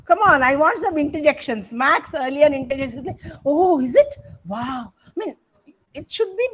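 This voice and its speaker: Teaching English grammar to an online coaching class, a woman with an Indian English accent nudges her students to speak up, often using fillers and correcting herself. Her voice sits high and sounds a bit bright, heard through a rough video-call recording.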